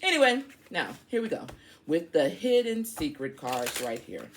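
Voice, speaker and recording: A woman's voice: low-pitched, big pitch swings, measured pace, background noise. A woman giving a casual spoken tarot reading. She is outspoken and slangy, and she talks straight to her listeners. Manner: chatty, addresses listeners directly. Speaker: tarot reader.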